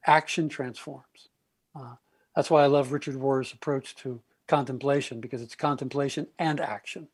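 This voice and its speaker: A man talking on a podcast, telling stories in an animated way and acting out the voices of the people he quotes. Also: medium pitch, moderate pace. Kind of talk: conversational podcast discussion.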